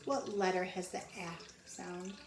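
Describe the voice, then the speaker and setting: A woman teaching a phonics lesson to young children, sounding out letters slowly and repeating each word. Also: lowish voice, fairly even intonation. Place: home. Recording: roomy echo, mic at a distance, faint background noise.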